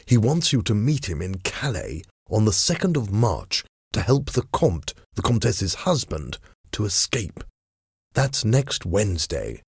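An earnest young English gentleman conspirator, as a man reading a storybook puts him on, eager and urgent. The voice sits higher than the narration but keeps its slow, gravelly grain. It is close and dry. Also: big pitch swings, dry recording, full character voice.

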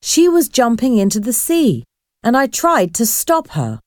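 A woman's voice: on the high side, wildly swooping pitch, a little slow, a little mellow, no room sound, studio quality, voice pushed up. A woman reading a storybook voices a brave, frightened young woman who speaks urgently and exclaims a lot. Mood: earnest.

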